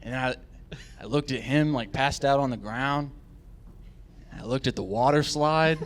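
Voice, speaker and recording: A man's voice: medium pitch, measured pace. A man telling a funny story on a live podcast, acting out the voices of the people in it. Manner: animated, acts out quoted voices. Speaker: guest storyteller.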